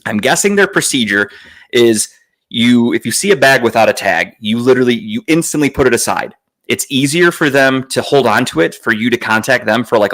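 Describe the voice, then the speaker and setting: A man's voice: mid-range voice, a bit bright, rough recording. A man hosting a podcast, telling a story in a casual way. He curses a lot, sounds exasperated, and acts out other people's lines in a raised voice. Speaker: podcast host.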